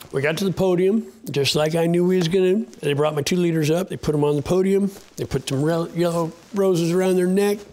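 A man, a sled dog racer, telling a heartfelt story in an interview in a folksy, plain-spoken way, with many fillers and restarts. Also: sits high. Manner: choked up and close to tears at times.

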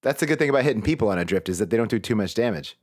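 A man's voice: lowish voice, lively intonation, very fast, darkish tone. A man co-hosting a comedy podcast, riffing crude jokes in casual banter.

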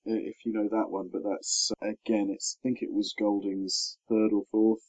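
A man on a book podcast, speaking in a thoughtful, measured way with many pauses and ums. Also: on the low side, level tone, darkish tone. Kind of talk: casual podcast chat. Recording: slightly dull lo-fi recording.

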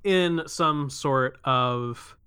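A man running a tabletop roleplaying game who narrates scenes with casual asides. His voice is bright and crisp. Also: mid-range voice, very slow, no echo. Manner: descriptive, loose with asides. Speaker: game master.

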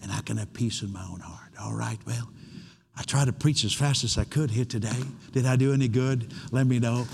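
An earnest man preaching a Sunday sermon, his voice sitting at an ordinary middle pitch. He repeats phrases and slows down on the words that matter. Each line trails off into the long reverb of a large church hall. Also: creaky, a little mellow, a little hiss or hum. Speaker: pastor. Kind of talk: sermon with altar call.

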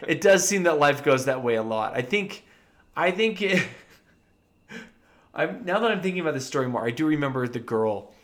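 A dentist telling a funny story from his practice in a casual chat, animated and often laughing. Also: fairly high pitch, moderate pace. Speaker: podcast co-host.

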